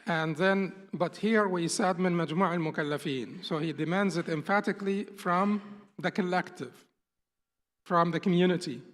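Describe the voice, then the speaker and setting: A man's voice: high voice, moderate pace, a bit bright, in a large hall. A male instructor giving a classroom lecture, explaining patiently and restating his points. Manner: patient, explanatory, often rephrases and restates terms.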